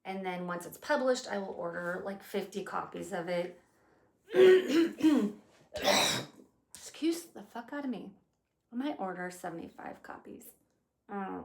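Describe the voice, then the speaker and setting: A woman in her fifties chatting casually as she plans her day out loud, rambling and swearing now and then. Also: lowish voice, gravelly, roomy sound. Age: 50s. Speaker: vlogger. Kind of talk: casual day-planning chat.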